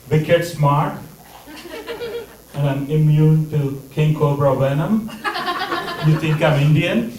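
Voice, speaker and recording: Deadpan male stand-up comic. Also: fairly high pitch. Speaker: stand-up comedian. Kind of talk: stand-up comedy set. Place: comedy theater stage. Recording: echoey theater mic from a distance.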